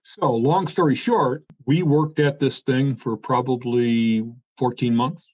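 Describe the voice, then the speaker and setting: A man's voice: medium pitch, slow pace. An older man, a former car executive, telling an anecdote in an interview and acting out the quoted dialogue. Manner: animated, acts out quoted dialogue. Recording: dull lo-fi sound.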